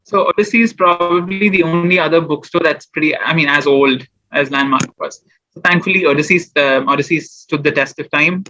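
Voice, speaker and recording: A man's voice: fairly high pitch, brisk, sharp tone, highs cut off, soft background music. A man guesting on an interview show, chatting casually about publishing his poetry and rambling with fillers and restarts. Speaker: guest poet and small business owner.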